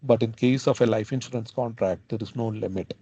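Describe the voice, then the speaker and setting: A man presenting a financial planning webinar, explaining in a halting way and often checking in with "okay?". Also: medium pitch, warm tone, husky. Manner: halting, adds "okay?" after points. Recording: dull lo-fi webinar audio.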